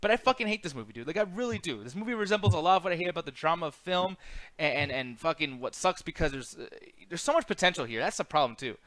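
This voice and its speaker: A man's voice: on the high side, fast talker, no room sound. A young man co-hosting a casual movie review chat, rambling and swearing as he rants about a film. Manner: profane, rambling, animated ranting. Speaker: podcast co-host reviewing movies.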